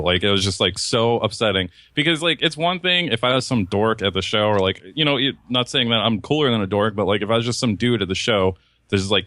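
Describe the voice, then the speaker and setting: A young man retells a grievance on a casual podcast, heated and full of swearing, slipping into mocking voices for other people. His voice sits fairly low but sounds bright and forceful. The recording is dry and close. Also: dry recording. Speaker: podcast co-host. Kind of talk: casual ranting chat.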